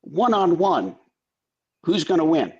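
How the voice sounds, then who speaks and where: A man's voice: on the high side, sing-song, slow, a little mellow, slightly rough. A man co-hosting a casual political chat, blunt and repeating himself for emphasis, on dull lo-fi audio. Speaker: co-host.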